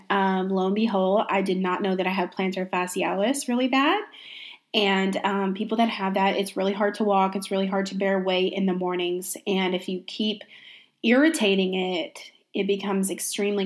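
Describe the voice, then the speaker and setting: A young adult woman telling a personal story in a casual, reflective way, often restarting and adding "you know" as she thinks aloud. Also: mid-range voice. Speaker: vlogger sharing a personal story.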